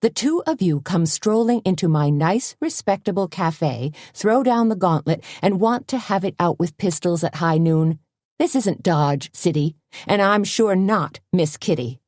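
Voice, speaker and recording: Lady reading as a no-nonsense cafe owner, firm and dry, low mellow voice. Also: lively intonation, measured pace, dry recording. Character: no-nonsense female cafe owner, middle-aged. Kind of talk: audiobook character voice.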